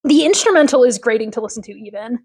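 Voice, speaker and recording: A woman's voice: on the high side, lively intonation, fast, darkish tone, slightly rough. A woman co-hosting a podcast, casually recapping a TV episode in an opinionated, rambling way full of fillers. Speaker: podcast co-host.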